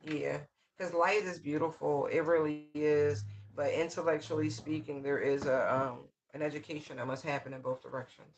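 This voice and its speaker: Male tarot reader, fairly high voice, rambling slangy delivery, light hiss and clicks. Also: steady tone, normal speed, hardly any pauses, muffled recording. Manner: loose, slangy, rambling talk with many fillers. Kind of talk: casual channeled tarot reading.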